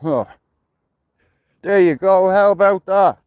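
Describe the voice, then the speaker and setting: Middle-aged Dublin man, rambling sweary livestream chat, slowish pace, fairly high voice, dry dull phone sound. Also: clean tone, no echo. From Ireland. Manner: rambling, sweary, "you know what I mean". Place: outdoors, walking through a neighbourhood.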